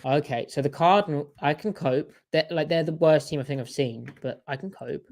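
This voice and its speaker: A man's voice: on the high side, moderate pace, creaky, darkish tone. A man co-hosting a livestream sports podcast, chatting in a wry, sarcastic way. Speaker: podcast co-host. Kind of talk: casual livestream sports chat.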